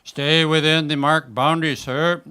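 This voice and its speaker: A man's voice: a little high, lively intonation, fairly quick, natural voice. A man reading aloud and voicing a polite male salmon who runs a kayak rental kiosk. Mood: announcing. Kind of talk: reading a comic story aloud.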